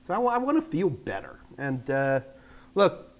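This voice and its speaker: A man's voice: on the high side, sing-song, normal speed. An older man from the United States hosting a live tech Q&A, rambling in a chatty, self-deprecating way. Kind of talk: casual livestream chat.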